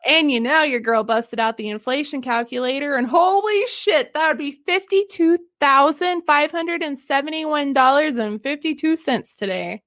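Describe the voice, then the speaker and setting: A woman with a high voice hosts a casual history podcast. She tells the story in an animated, joking way, laughing and swearing along. The sound is dry and close. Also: moderate pace, few pauses, no echo. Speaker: podcast host.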